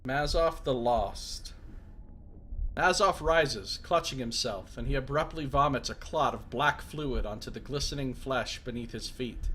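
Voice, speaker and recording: A man streams a video game, narrating its story text in a medium-pitched voice that runs a little slow. He keeps interrupting himself with excited comments, over faint background noise.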